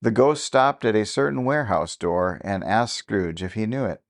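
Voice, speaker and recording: A man narrating a classic novel as an audiobook, with steady, even-paced storytelling. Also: fairly low pitch, normal speed.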